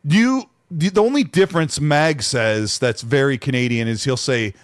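A man co-hosting a casual gaming podcast, reading out chat messages in an animated, easygoing way. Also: medium pitch, normal speed, no room sound, clean studio sound. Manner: animated, reads out chat messages, laughs easily. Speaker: podcast co-host.

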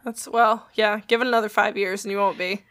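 A woman's voice: mid-range voice, steady tone, a little fast, a bit bright. A woman chatting casually with a friend. She is wry and blunt and curses freely as she talks. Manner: wry, blunt listener who swears. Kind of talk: casual chat.

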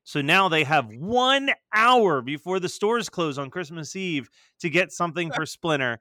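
A man in his thirties co-hosting a casual chat show, animated and swearing freely as he riffs. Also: on the high side, a little slow, dry recording, studio quality. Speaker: podcast co-host.

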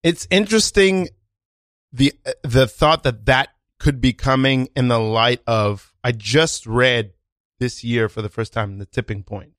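Male podcast host, relaxed reactive chat, close dry recording. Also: mid-range voice, a little slow, no echo. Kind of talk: casual chat.

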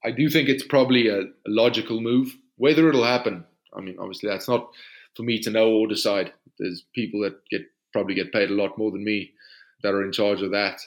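A South African rugby player, an Afrikaans speaker, answering questions in a casual podcast interview in an easygoing way. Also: male voice, lowish voice, a little fast. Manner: relaxed, easygoing answers with frequent "you know".

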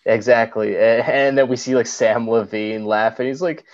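A man's voice: mid-range voice, normal speed. Rambling young man on a dull, lo-fi podcast line. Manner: rambling recap, many "like"s. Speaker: podcast co-host. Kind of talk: casual film chat.

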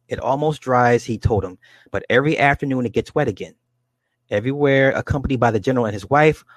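A man's voice: mid-range voice, no echo. Plain-voiced man reading a book aloud. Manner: halting, restarts and asides to listeners. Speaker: reader and commentator.

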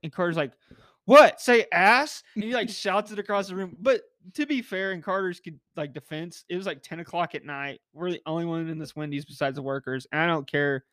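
A young man in his twenties, co-hosting a podcast, casually retelling high school stories and acting out the people in them. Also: quick pace, few pauses, no echo, studio quality. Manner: laughing, animated retelling with quoted voices. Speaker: podcast co-host. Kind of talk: casual storytelling chat.

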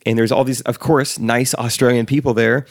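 A man's voice: medium pitch, steady tone, normal speed, no echo, clean studio sound. A young American man hosting a podcast in casual, jokey chat, laughing often. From United States. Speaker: podcast host.

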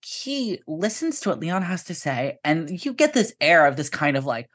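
A woman co-hosting a podcast chats casually about a film, swearing frequently and emphatically. Her voice is deep and sing-song at a normal speed.

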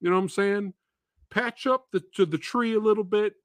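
A man hosting a casual movie review show, talking in an animated, profane and repetitive way and laughing often. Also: high voice, fairly quick, dry recording.

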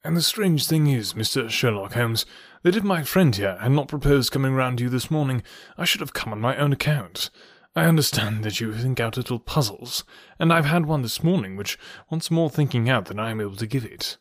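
A man's voice: mid-range voice, lively intonation, fairly quick, dry recording, studio quality, lightly acted. A man reading aloud and voicing a blunt, impatient young heir who talks plainly and directly. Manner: blunt, forthright, plain-talking.

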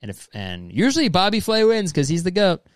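A young man riffs through messages in loose, profane commentary, calling everyone "dude" and slipping into mocking voices. His pitch swings widely from line to line. The sound is dry and close, with no room around it. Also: huge pitch swings, brisk, no echo. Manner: profane, rambling, says "dude" constantly; mocking, slips into exaggerated quoted voices. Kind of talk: casual comedic commentary reading messages aloud.

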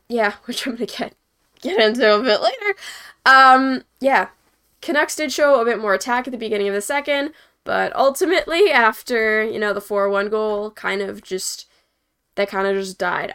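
With a slightly high, pushed, bright voice that is clear and resonant, a young woman hosts a hockey post-game show at a normal speed with lively intonation. She rambles casually, heavy on fillers, chuckling between points.

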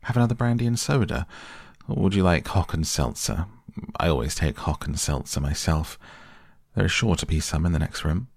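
Petulant, airy young gentleman read by a man: very deep and creaky, with a light, careless lilt. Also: moderate pace, no echo, studio quality. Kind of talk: soft bedtime audiobook reading.

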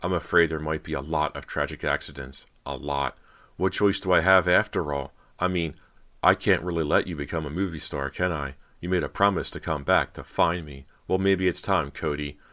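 A man's voice: rumbling low, normal speed, sharp tone. A man voicing a spiteful teenage girl ghost in an audiobook reading, with a taunting, mocking way of talking. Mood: menacing.

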